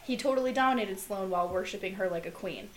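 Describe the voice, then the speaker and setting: A woman's voice: mid-range voice, slight background noise, low-quality recording. A woman co-hosting a podcast, chatting casually and gushing, reading book blurbs aloud. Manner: gushing, reads blurbs aloud with dramatic pauses. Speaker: podcast co-host. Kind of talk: casual chat.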